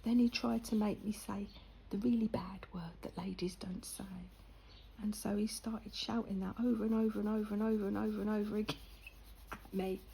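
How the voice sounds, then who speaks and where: A woman's voice: mid-range voice, steady tone, moderate pace, creaky, dark tone, a little hiss or hum, rough recording. An older woman, chatting casually and laughing as she tells a story while colouring.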